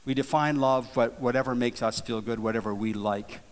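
A man preaching a sermon, telling a folksy story in a relaxed, conversational way, with frequent restarts and repeated words. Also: mid-range voice, brisk. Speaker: pastor. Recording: long hall reverb.

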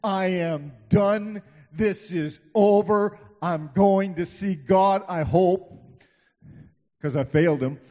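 A man's voice: sits high, big-room sound, pitched above the performer's own voice. A preacher acting out a doomed man crying out. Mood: despairing. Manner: loud, slow, drawn-out anguish. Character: despairing man facing death, crying out.

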